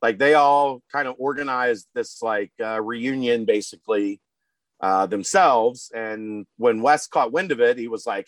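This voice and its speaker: A man in a casual sports chat, telling a story in relaxed slang with many fillers. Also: medium pitch, measured pace, no echo.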